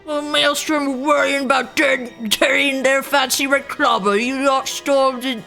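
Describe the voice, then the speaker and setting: A gruff pirate woman with a put-on drawl, as a woman voices her for fun. The tone is bright and raised, with faint music under it. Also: high-pitched, fairly even intonation, unhurried, pitched above the performer's own voice, full character voice.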